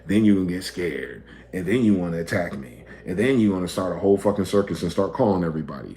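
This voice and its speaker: A man delivering a blunt, profane monologue rant, swinging between loud outbursts and low, muttered asides. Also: expressive, fairly quick, echoey room, a little hiss or hum. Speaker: video commentator.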